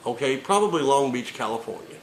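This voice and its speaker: A man's voice: medium pitch, expressive, a little fast, reverberant, slight background noise, low-quality recording. A man delivering a sarcastic, profane comedic rant with emphatic delivery.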